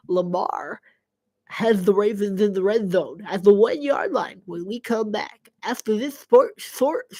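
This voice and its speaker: A woman with a nasal voice giving casual live play-by-play commentary, jokey and laughing often, loud on big plays. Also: medium pitch. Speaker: sports commentator.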